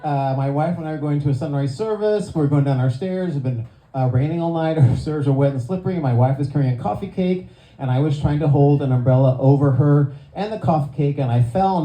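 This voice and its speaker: An older man performing stand-up with a self-deprecating, chatty delivery, slipping in frequent "uh"s. His voice sits a little high and mellow. It carries the roomy sound of a live venue. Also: a little fast. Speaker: stand-up comedian. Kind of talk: stand-up comedy set.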